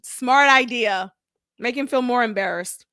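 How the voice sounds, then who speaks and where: High bright lady giving her blunt take on a reality show, dry close sound. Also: unhurried, clear, resonant tone, dry recording. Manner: candid, opinionated, chatty. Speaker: show review host. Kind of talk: casual reality show recap.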